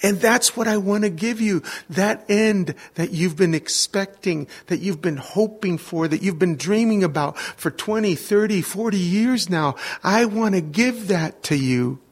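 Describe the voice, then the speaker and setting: A middle-aged man preaching a sermon, telling a story with lively acted-out moments and sudden shouts. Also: high-pitched, unhurried, few pauses, slightly rough. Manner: animated, acts out scenes with sudden shouts. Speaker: pastor.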